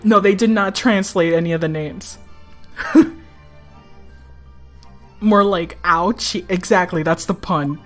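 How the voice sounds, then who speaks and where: A woman streamer giving casual commentary on a game, swearing often, laughing a lot and reacting loudly to what happens on screen. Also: on the low side, slow pace, long pauses, soft background music.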